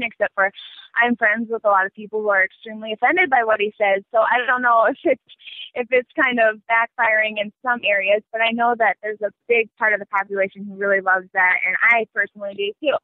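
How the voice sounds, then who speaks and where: A woman's voice: medium pitch, no room sound. Young woman talking over a tinny phone line. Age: young adult. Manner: chatty, many ums and small laughs. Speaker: guest. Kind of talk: casual political talk. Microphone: phone call.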